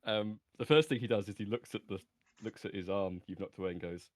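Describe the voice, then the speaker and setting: A man playing a tabletop game, describing things in an animated, playful way. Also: on the low side, fairly quick, no room sound. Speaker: player. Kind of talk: casual tabletop play.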